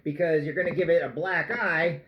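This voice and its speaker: A man's voice: a little high, steady tone, fairly quick, reverberant, highs cut off, noisy background. A man making bread in his home kitchen, joking around and singing to himself while he kneads the dough. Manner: goofy, playful, jokes and sings while kneading dough. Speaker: home cook. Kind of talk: casual cooking vlog.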